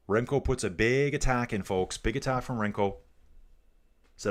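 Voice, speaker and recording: Man, lowish voice, livestream race commentator; loose, jokey, chats with viewers. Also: moderate pace. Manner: chatty, jokey, reads viewer comments aloud. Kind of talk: casual live commentary reading chat.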